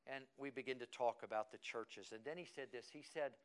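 A man preaching a sermon in a church service. He tells the story with dramatic repetition and builds up to shouting. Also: mid-range voice, fairly quick, clear, resonant tone. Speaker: pastor.

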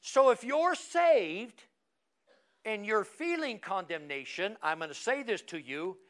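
High-voiced man preaching to a class. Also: lively intonation, measured pace, a bit bright. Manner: preacherly, asks the class questions and calls on members by name. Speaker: pastor. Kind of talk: sermon teaching.

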